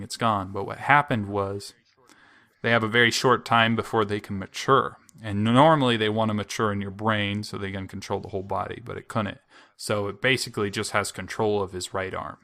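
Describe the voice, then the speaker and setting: Man, podcast host, lively jokey recap, bright tone. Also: lowish voice. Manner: animated storyteller, jokey, lots of fillers. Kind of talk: casual chat recapping an anime.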